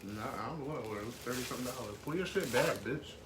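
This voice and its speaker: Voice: mid-range voice, rapid-fire, far from the mic. A friend co-hosting a live mukbang, chatting casually and trading playful insults. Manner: playful, trash-talking banter. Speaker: co-host friend. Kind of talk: casual chat. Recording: echoey room with clear background noise.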